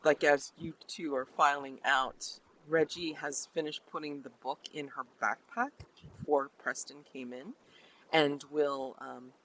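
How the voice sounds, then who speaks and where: A game master narrating a tabletop role-playing session in a chatty, animated way with many fillers. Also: mid-range voice, unhurried, rough recording.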